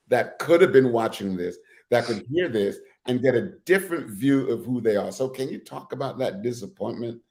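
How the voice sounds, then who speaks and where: A male talk show host asks questions in an earnest, conversational way. he often restarts and repeats words as he works toward what he wants to ask. his voice sits at an ordinary pitch for a man. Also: darkish tone. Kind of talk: casual interview.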